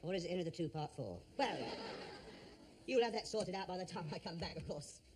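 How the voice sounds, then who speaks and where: A man's voice: sits high, a little fast, noisy background, close to an everyday voice. A man playing a pompous would-be Shakespearean ham. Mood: grand. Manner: grandiose, self-important, bluster. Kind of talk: 1950s radio comedy acting.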